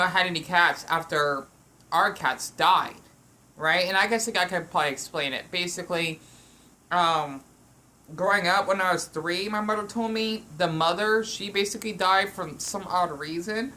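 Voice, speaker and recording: Eating at home on camera, this woman talks in a rambling, meandering way, often restarting and using fillers. She has a sharp tone and a voice on the low side.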